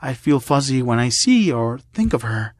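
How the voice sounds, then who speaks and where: A man's voice: medium pitch, big pitch swings, normal speed, no echo, clean studio sound, pitched below the performer's own voice. Izuku, a man voicing a stammering cat-boy. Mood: earnest. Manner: hesitant, stuttering. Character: shy stammering cat-eared boy hero student.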